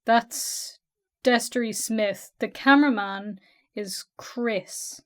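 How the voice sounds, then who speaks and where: A woman's voice: fairly high pitch, takes it slowly. A woman co-hosting a casual podcast, chatting bluntly and laughing often. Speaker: podcast co-host.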